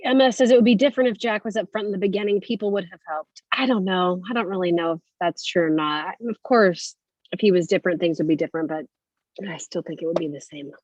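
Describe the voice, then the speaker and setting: A woman co-hosting a casual livestream, musing calmly and hedging her opinions. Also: fairly low pitch, quick pace, dry recording. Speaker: podcast co-host. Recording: dry, muffled lo-fi audio.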